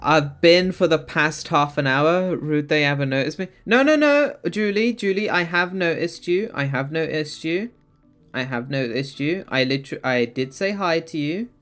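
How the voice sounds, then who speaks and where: A man's voice: a little high, normal speed, a bit bright, faint music behind. A man streaming a video game, rambling, giggling and chatting to his viewers. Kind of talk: casual live-stream chat while playing.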